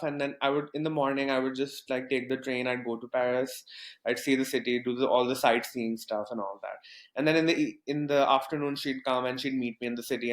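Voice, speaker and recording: A man's voice: medium pitch, roomy sound. A young man from Pakistan, a podcast guest telling a story casually with lots of fillers and restarts. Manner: rambling, many fillers and restarts.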